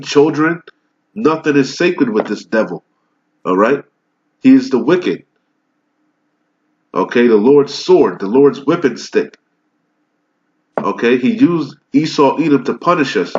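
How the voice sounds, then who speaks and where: A man in the middle pitch range delivers fiery scripture teaching, firing off rhetorical questions and answering them himself. He slows down to read the verses deliberately. The recording sounds dull and lo-fi. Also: animated, darkish tone, a little hiss or hum. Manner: reads old scripture slowly and deliberately. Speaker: preacher.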